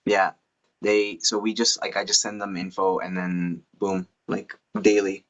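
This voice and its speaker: A man guesting on a casual chat, speaking in a halting, laid-back way with lots of fillers. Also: low voice, flat delivery, fairly bright tone, highs cut off. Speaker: guest, scam baiter.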